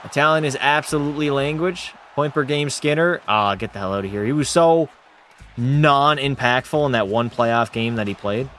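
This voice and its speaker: A man's voice: mid-range voice, normal speed, a bit bright, slight background noise. A man hosting a livestream watch party, giving casual commentary and joking, swearing, and bantering with his chat. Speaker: livestream host.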